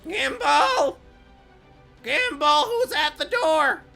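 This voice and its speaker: A man's voice: sing-song, very slow, creaky, pushed and bright, faint music behind, heavily acted. A man voicing an ancient, confused female gnome who shrieks. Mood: shrieking. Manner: shrill, shrieking.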